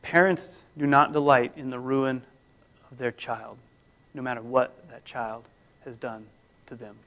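A man preaching a conversational sermon, his voice swinging between loud emphasis and near-hushed tones. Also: medium pitch, steady tone, unhurried. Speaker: pastor.

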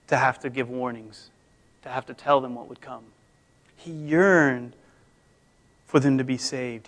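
A man preaching a conversational sermon, his voice swinging between loud emphasis and near-hushed tones. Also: mid-range voice. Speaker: pastor.

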